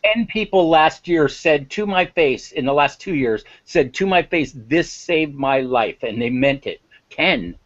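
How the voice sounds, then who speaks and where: A man's voice: fairly high pitch, expressive, a little slow, few pauses, a bit bright, dry recording, muffled recording. A man speaking as an interview guest on emotional intelligence, impassioned and emphatic, repeating words for stress. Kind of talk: interview talk.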